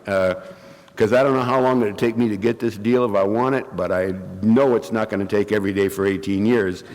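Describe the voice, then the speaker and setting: A man's voice: on the low side, steady tone, a little fast, a little mellow. Man, wry humorous speaker, bronchitis cough, long hall reverb. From California. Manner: wry, self-mocking, acts out quotes. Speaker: recovery meeting speaker. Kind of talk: humorous storytelling talk.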